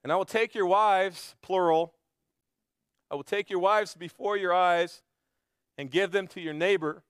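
High-voiced man preaching a story sermon. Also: steady tone, a little slow, clean tone, dry recording. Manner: swings from loud to hushed. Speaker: pastor.

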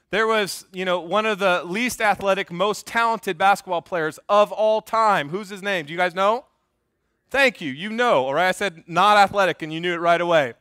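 A man's voice: high voice, bright, forceful tone, no room sound, clean studio sound. A male pastor preaching a sermon in a joking, conversational way, often quizzing the congregation.

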